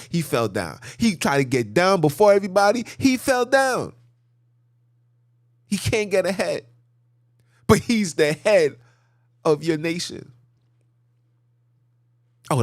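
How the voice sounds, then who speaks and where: A man's voice: high-pitched, dry recording, clean studio sound. A man hosting his own channel, giving impassioned political commentary in a preachy, repetitive, rhetorical way, with mocking asides. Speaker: channel host.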